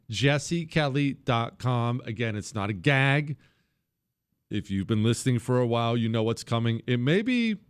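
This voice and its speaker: A man's voice: mid-range voice, clean tone, dry recording, studio quality. A man hosting a talk radio show, delivering an opinionated monologue in an emphatic, sarcastic, often mocking way.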